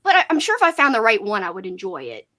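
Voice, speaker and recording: Talking fast in a pushed, bright, medium-pitched voice with huge swings in pitch, a young woman hosts a relaxed booktube livestream. She's chatty and full of "like" fillers, and she reads out comments from her viewers' chat.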